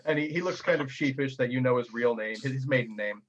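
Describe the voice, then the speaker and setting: A man's voice: mid-range voice, quick pace, lo-fi sound, a little hiss or hum. A man narrating as game master, rambling and laughing as he goes. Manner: rambling, laughing, full of restarts.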